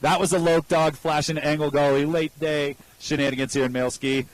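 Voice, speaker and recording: A relaxed male co-commentator at a live freeride ski contest, chatting loosely. His speech is full of casual fillers, and his voice sits a bit high for a man. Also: fairly quick, no echo, poor audio. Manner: laid-back, casual, lots of fillers.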